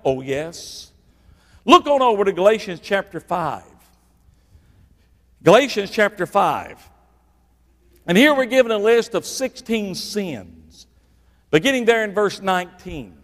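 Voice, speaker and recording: A middle-aged man, preaching a sermon and swinging between loud bursts and hushed, low lines for emphasis. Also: very animated, slow pace, pauses often. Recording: echoey hall reverb.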